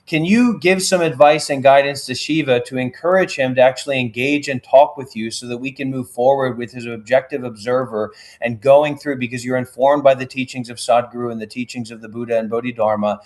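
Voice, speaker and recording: A man's voice: mid-range voice, fairly even intonation, a little fast, hardly any pauses. A man on a livestream, agitated and rambling, pleading with an AI and cursing. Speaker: livestream guest prompting an AI. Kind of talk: heated livestream talk.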